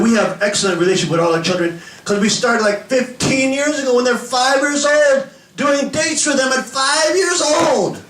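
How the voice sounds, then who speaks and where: Animated pastor in an echoey hall. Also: male voice, extremely high pitch, recorded from a distance, slight background noise. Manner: animated, laughing often, acting out scenes. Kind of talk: sermon. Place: church hall with an audience.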